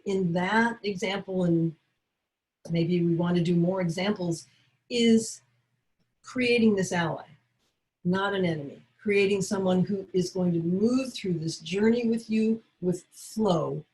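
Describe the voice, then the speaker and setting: A woman's voice: mid-range voice, darkish tone, rough recording. A woman teaching caregivers, coaching them and acting out short dialogue examples. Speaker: caregiving educator. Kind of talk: instructional talk.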